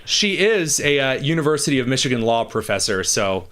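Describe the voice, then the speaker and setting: A man's voice: medium pitch, very animated, a little fast, a bit bright. A man hosting a radio talk show, reading posts aloud and reacting with dry sarcasm in a casual tone. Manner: wry and sarcastic, reads listener tweets aloud. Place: radio studio.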